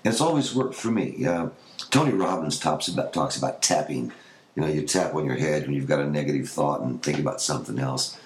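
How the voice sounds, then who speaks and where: A man's voice: extremely low pitch, lively intonation, fairly quick. A man hosting his own podcast, talking in an earnest, encouraging, rambling way with restarts. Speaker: podcast host. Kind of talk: casual podcast monologue. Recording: echoey room with faint noise.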